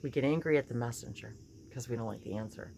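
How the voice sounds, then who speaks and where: Low-voiced woman in chatty spiritual talk. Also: fast, vocal fry, a little hiss or hum. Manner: warm, chatty, laughs often, many fillers and restarts. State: slightly hoarse morning voice. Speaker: spiritual channeler and teacher.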